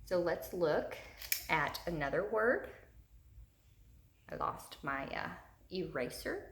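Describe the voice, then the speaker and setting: Low and creaky yet lively in intonation, this woman's voice comes with a little hiss or hum. As a third grade teacher, she patiently and slowly walks young learners through a lesson step by step, recorded in a room with echo.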